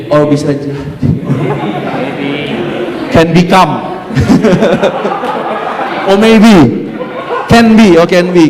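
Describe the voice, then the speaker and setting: A male pastor with a high-pitched voice delivers his sermon like a relaxed personal story. He talks in a chatty way, laughs easily and often, and drops fillers and tag words into his English.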